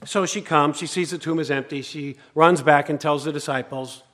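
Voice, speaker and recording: A male pastor preaching a sermon, swinging between loud urgency and hushed, quiet passages. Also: a little high, fairly even intonation, moderate pace. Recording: long hall reverb.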